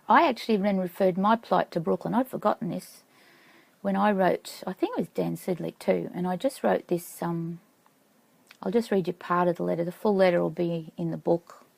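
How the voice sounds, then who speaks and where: Halting, reflective woman with a gravelly voice. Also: mid-range voice, a little mellow, no echo, poor audio. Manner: halting, reflective, often checks notes. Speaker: vlogger. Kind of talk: personal storytelling to camera.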